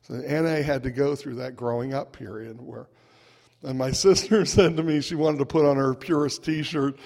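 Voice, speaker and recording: A man's voice: medium pitch, fairly even intonation, normal speed, gravelly, darkish tone. A man telling a humorous personal recovery story to a meeting, chuckling and asking "right?" as he goes. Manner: wry, chuckling, conversational with lots of "right?" asides. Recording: long echoing hall reverb.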